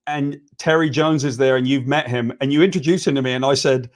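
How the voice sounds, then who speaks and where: A man's voice: mid-range voice, brisk. A man from Wales, co-hosting a casual chat, telling stories and teasing his friend. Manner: lively, teasing banter. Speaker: co-host.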